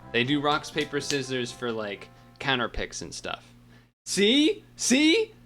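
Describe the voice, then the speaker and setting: A man's voice: medium pitch, sharp tone. A man streaming, chatting casually and teasing a caller in a playful back-and-forth.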